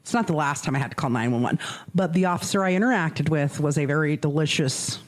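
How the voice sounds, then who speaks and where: A woman's voice: low-pitched, fast talker. A woman co-hosting a podcast, retelling a true crime case in casual chat, acting out the quotes and laughing often. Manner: animated storyteller, acts out quotes, swears, laughs often. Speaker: podcast co-host.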